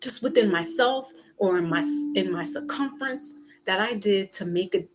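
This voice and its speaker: A woman vlogger giving a casual spiritual pep talk in an animated, slangy way, acting out little quoted exchanges. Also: medium pitch, moderate pace.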